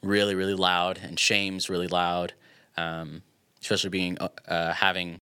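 A young man with a very low voice that still comes across bright and forward. He talks as a guest in a casual podcast chat. His speech is reflective and halting, with many fillers and restarts. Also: level tone, clear, resonant tone. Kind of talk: casual conversation.

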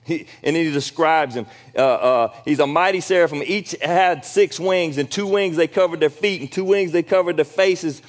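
A middle-aged man, a pastor preaching a sermon in a casual, animated way, acting out quotes in sudden loud high bursts. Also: moderate pace, few pauses.

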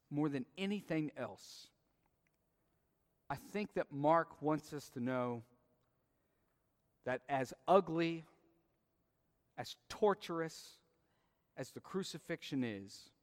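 A man in his thirties preaching a sermon, telling a family story in an earnest, heartfelt way and closing in prayer. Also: medium pitch. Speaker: pastor. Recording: long reverb of a large hall.

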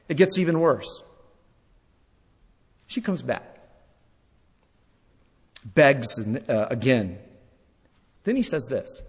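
A man preaching with a lively, swooping delivery, his pitch a bit high for a man. He repeats phrases for emphasis and drops from loud to hushed, all in a long, reverberant hall. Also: takes it slowly, pauses often, breathy edge. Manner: dramatic, swings between loud and hushed. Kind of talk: sermon.

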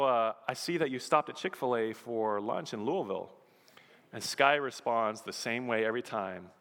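A man preaching a sermon as pastor, impassioned, swinging from loud emphatic appeals to soft, hushed storytelling. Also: mid-range voice. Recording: long reverb of a large hall.

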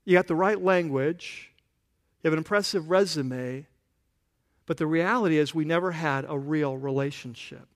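A pastor giving a conversational sermon, often asking the congregation questions. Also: male voice, fairly high pitch, normal speed. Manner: casual, asks the congregation questions.

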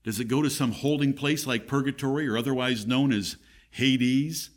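A man's voice: mid-range voice, moderate pace. A man preaching a sermon as pastor in a church, emphatic, his voice rising and falling.

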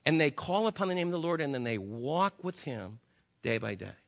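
A pastor delivering an impassioned sermon, swinging between loud urging and hushed, slow emphasis. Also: male voice, fairly high pitch, sing-song, vocal fry. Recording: long reverb of a large hall.

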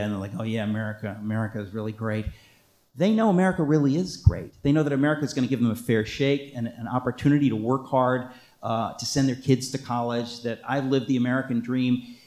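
A man's voice: mid-range voice, a little fast, a little mellow, echoey room. A man speaking as an author, answering an audience question in an impassioned, emphatic way, often restarting his sentences. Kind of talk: talk with audience Q&A.

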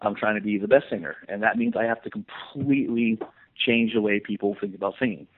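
A man's voice: fairly low pitch, fairly quick, dry recording. A man talking about his music in a casual phone interview, defensive and swearing freely. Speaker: musician guest. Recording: tinny phone line, dry.

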